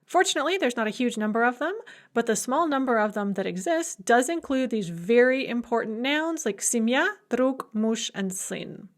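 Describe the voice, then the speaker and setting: A woman giving a recorded grammar lecture, explaining slowly and deliberately, with enthusiastic asides. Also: on the high side, expressive. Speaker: Russian language lecturer.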